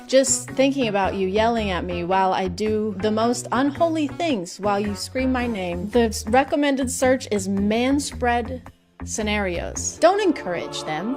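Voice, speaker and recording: Sarcastic young woman reacting over music. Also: fairly high pitch. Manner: sarcastic, incredulous commentary. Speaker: video creator reacting to posts. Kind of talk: reading aloud and reacting. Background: background music.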